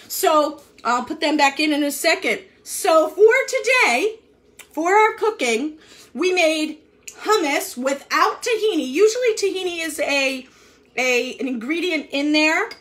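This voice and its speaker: Woman, high voice, chatty, upbeat, live cooking stream host. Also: fairly bright tone. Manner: chatty, upbeat, eats and talks at once. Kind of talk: live cooking demo to viewers. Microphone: live stream from a kitchen.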